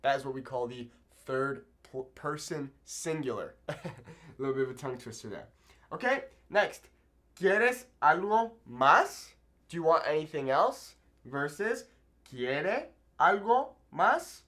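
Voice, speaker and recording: A man's voice: mid-range voice, animated, moderate pace, fairly bright tone. A man teaching a Spanish lesson at a whiteboard, explaining patiently and checking in with "okay?" after each point. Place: room with a whiteboard.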